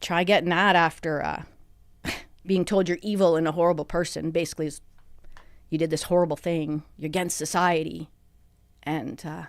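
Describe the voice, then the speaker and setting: A middle-aged woman, a podcast guest recounting a hard time in a halting, emotional way with many restarts. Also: sits low, dry recording, clean studio sound. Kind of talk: personal interview. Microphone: studio microphone.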